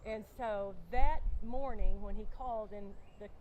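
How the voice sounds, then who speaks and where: A woman's voice: mid-range voice, unhurried, dark tone, a little hiss or hum, poor audio. A woman guest sharing a personal faith testimony in conversation, earnest, often acting out her own past dialogue. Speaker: interview guest. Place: outdoors on a bench.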